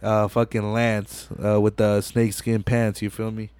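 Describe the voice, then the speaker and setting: A man's voice: on the low side, completely flat delivery, unhurried, darkish tone, clean tone, no echo. A young man hosting a podcast, retelling a film scene by scene in a slangy, profane, casual way with lots of filler phrases. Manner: slangy and profane, keeps saying "you know what I'm saying". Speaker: podcast host. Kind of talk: casual movie recap chat.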